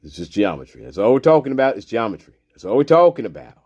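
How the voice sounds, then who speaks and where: A man's voice: on the low side, big pitch swings, quick pace, a little mellow, husky, no echo, lo-fi sound. A man hosting a live stream, rambling and swearing as he comments on a case, greeting viewers and repeating his opinions. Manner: swearing, rambling, laughs to himself; repeats himself, hedging opinions. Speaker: livestream host discussing a crime case. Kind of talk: casual live commentary with viewer shout-outs.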